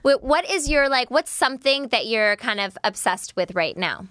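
A woman's voice: on the high side, animated, normal speed, a bit bright. A woman co-hosting a podcast in casual chat, eager and enthusiastic. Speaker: podcast co-host.

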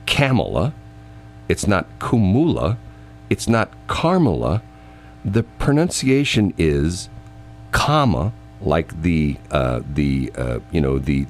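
Deep-voiced male co-host, animated talker, big pitch swings. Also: slow pace. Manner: animated, laughing, voice jumps high when incredulous. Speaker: talk show co-host. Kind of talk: casual banter.

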